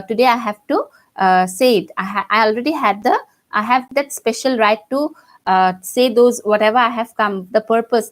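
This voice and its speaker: A woman teacher with an Indian English accent explaining a play line by line, with many fillers and restarts. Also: fairly high pitch.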